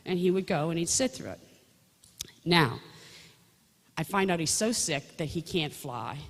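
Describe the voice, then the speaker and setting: A woman's voice: deep voice, expressive, moderate pace, long pauses. A woman sharing a personal faith story in a conversational storytelling way, often restarting her sentences. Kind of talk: personal testimony talk. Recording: long reverb of a large hall.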